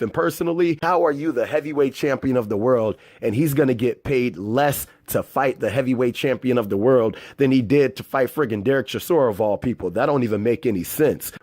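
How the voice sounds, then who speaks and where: A man's voice: mid-range voice, a little mellow, no room sound. A man from the US hosting a boxing news channel, reading articles aloud and giving casual, slangy, fired-up opinions. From United States. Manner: casual, slangy, worked-up commentary.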